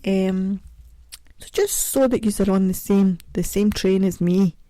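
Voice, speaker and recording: A woman's voice: mid-range voice, unhurried, mellow, no room sound. A middle-aged Scottish woman hosting a podcast alone, chatting in a rambling, self-mocking way. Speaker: podcast host. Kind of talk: casual solo podcast chat.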